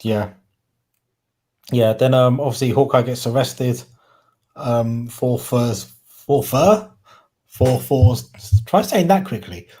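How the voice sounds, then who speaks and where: A man with a Cockney accent talks in a loose, rambling way. His mellow, warm voice sits at a middling pitch, and he often trips over a word and backs up to fix it. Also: slow pace. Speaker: podcast co-host. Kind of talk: casual chat.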